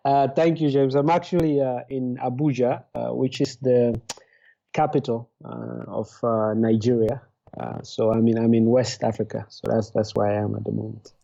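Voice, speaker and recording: Gravelly dark-voiced man. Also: medium pitch, steady tone, normal speed, dull audio. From Sierra Leone. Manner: thoughtful, hesitant with many fillers. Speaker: guest. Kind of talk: interview storytelling. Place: remote call from abroad.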